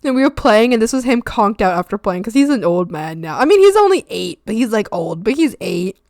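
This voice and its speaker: A woman's voice: medium pitch, big pitch swings, brisk, darkish tone, no room sound, studio quality. A young woman chatting casually on her art stream, gushing and giggly, sliding into baby talk. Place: home streaming setup.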